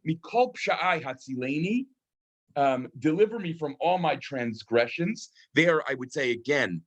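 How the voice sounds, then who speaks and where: In an online text study lecture, a man with a medium-pitched, fairly bright voice reads Hebrew verses aloud. He translates them and reflects thoughtfully, saying "um" a lot.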